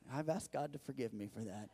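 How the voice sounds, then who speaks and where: Brief: middle-aged male pastor, sermon storytelling, lively and chatty with the congregation, medium pitch. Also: husky, big-room sound. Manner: animated, conversational, addresses the congregation directly.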